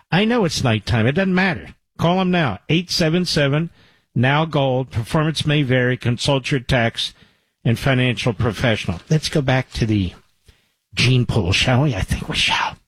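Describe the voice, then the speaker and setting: A man's voice: medium pitch, no room sound. A man hosting a talk radio show, reading a live ad with emphatic repetition and then taking a caller. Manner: emphatic, repeats phone number, conversational asides. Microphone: studio microphone.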